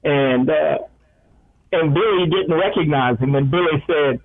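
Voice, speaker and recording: A man's voice: fairly high pitch, unhurried. A man, a radio sports talk co-host, telling chatty football stories and acting out the quotes. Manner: chatty storyteller, acts out quotes. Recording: tinny phone-like radio line.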